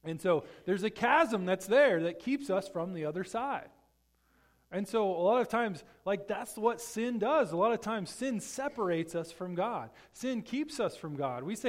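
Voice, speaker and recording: A man's voice: sits high, expressive, moderate pace. A man preaching a sermon as pastor, in a conversational way that often checks in with his congregation. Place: church sanctuary.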